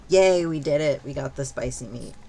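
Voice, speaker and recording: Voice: mid-range voice, lively intonation, moderate pace, creaky, dark tone, faint music behind. A streamer chatting casually while gaming, rambling with lots of fillers and freely swearing.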